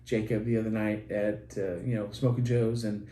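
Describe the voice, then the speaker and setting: A man's voice: fairly low pitch, little pitch movement, moderate pace, mellow. A man co-hosting a parenting podcast, talking in an earnest, rambling way with many restarts. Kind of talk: casual podcast chat. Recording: roomy echo.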